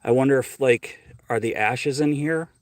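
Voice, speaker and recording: A man's voice: medium pitch, moderate pace. A middle-aged man, a little short of breath, wanders and chats on a live stream, talking in a loose, curious, rambling way. He speaks outdoors on a phone, with dry, close sound and no room echo. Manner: rambling, curious, chatty with viewers. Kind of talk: casual live-stream chat. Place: outdoors in a cemetery.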